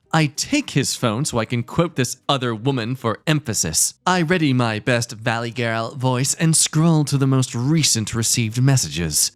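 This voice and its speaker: A man's voice: mid-range voice, no room sound. A man hosting a show, reading Reddit stories aloud and breaking off for sarcastic asides. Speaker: host.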